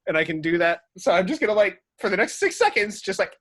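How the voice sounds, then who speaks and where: A woman playing a tabletop game chats playfully and giggles during casual play. Her mid-range voice has a sing-song lilt and a quick pace.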